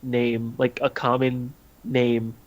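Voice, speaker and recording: A man's voice: medium pitch, completely flat delivery, takes it slowly, rough recording. A man co-hosting a wrestling podcast in casual chat, laughing often and acting out what people said. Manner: laughs often, acts out quoted voices. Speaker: podcast co-host.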